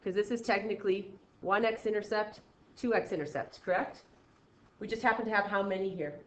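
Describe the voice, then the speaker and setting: A chatty woman teaches math in a classroom recording that sounds roomy, slightly dull, and carries a little hiss or hum. Her mid-range, fairly bright voice keeps fairly even intonation at a moderate pace, and she often asks "okay?" while acting out student reactions.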